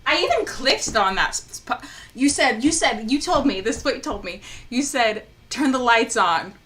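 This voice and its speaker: A woman streaming a video game live, talking casually and in exasperation, swinging from loud outbursts to low muttering and swearing freely. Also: very animated, moderate pace, breathy edge.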